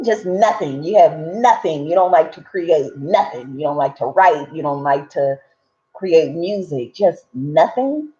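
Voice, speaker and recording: A woman hosting a live gratitude session, chatting casually and rambling with lots of fillers. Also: sits low. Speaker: host of a live gratitude practice. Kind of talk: casual live-stream chat. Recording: dull lo-fi sound.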